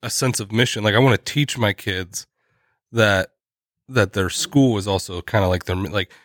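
A man's voice: lowish voice, normal speed, fairly bright tone, dry recording, clean studio sound. A man co-hosting a podcast, chatting casually, often stopping and restarting his sentences and laughing mid-thought. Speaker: podcast co-host. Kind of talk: casual chat.

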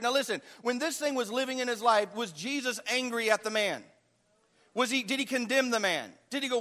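A man's voice: very high-pitched, a little fast, bright, forceful tone, long reverb tail. A male pastor preaching a sermon with passion, acting out the voices of the people in the story.

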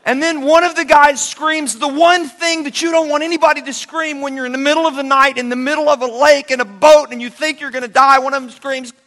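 A male preacher delivers a sermon in a high, bright voice and tells stories in an animated way. He acts out the characters as he goes. The sound carries a long, echoing hall reverb. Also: fairly quick, hardly any pauses. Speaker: pastor.

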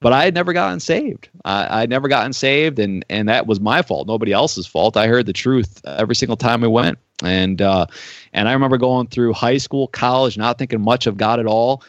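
A man's voice: mid-range voice, brisk, no echo. A man preaching a sermon, telling stories in a conversational way with frequent filler words. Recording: dry, dull-sounding recording.

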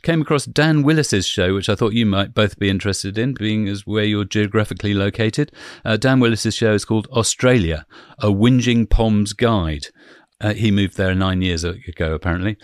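A man's voice: on the low side, normal speed, no echo, clean studio sound. A man hosting a podcast, chatty and leading the talk with questions. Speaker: podcast host. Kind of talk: casual podcast chat.

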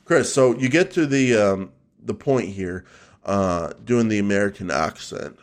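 A man's voice: on the low side, measured pace. A man hosting a podcast in casual chat, teasing his co-host and joking around. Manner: joking, teasing, loose and chatty.

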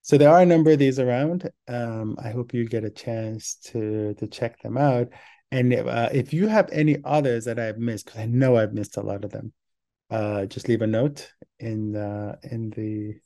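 A man's voice: mid-range voice, normal speed, mellow. A man hosting a casual solo podcast, rambling with many fillers and restarts, and acting out the voices in his story. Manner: acts out quoted voices in an anecdote. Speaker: podcast host.

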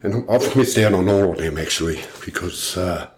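Man, very low voice, swears constantly, blunt casual storyteller. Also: moderate pace, background noise. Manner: blunt, heavy swearing, animated retelling. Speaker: podcast co-host.

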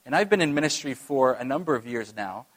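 A man's voice: medium pitch, expressive, a little fast. A man preaching a sermon as pastor, talking conversationally and addressing the congregation directly, with some self-deprecating remarks.

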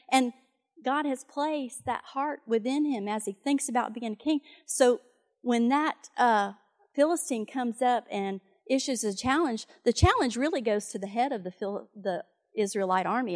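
A woman's voice: a little high, moderate pace. A woman preaching a sermon, retelling a Bible story in a conversational way with fillers and asides.

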